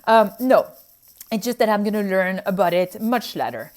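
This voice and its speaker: A woman's voice: fairly high pitch, very animated, normal speed, darkish tone. A woman from France with a French accent, a physician telling her own stories in a casual chat and acting out her past reactions. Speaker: physician sharing her experiences.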